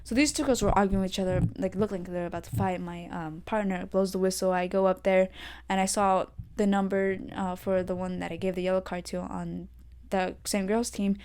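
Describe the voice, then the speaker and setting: A young adult woman hosting her own podcast, rambling through a story with lots of fillers and getting animated when irritated. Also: mid-range voice, fairly quick, smooth. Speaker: podcast host. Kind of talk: solo casual rant. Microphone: desk podcast mic.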